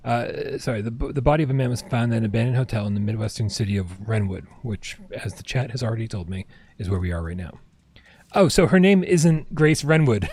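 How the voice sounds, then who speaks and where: A man's voice: lowish voice, darkish tone, breathy edge, dry recording. A man streaming a video game, chatting casually and reading on-screen text aloud. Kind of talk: casual gameplay commentary.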